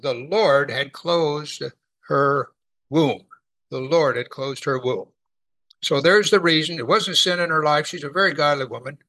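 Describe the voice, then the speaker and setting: A man preaching a sermon, teaching from the Bible in a conversational, animated way. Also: fairly high pitch, poor audio.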